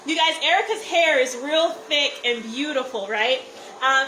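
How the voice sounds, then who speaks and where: A high-pitched woman hosts a live cooking stream, talking easily to her viewers while she works. She is recorded on a phone in an echoey kitchen, with steady background noise underneath. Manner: chatty, greets viewers by name while cooking. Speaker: cooking show host. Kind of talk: live cook-along chat.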